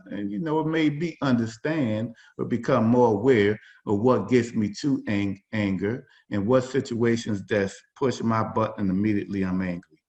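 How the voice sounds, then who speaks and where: Over a video call, a man with a medium-pitched, slightly mellow voice facilitates a workshop. He talks informally and conversationally, full of fillers and restarts, and the audio is dull and lo-fi.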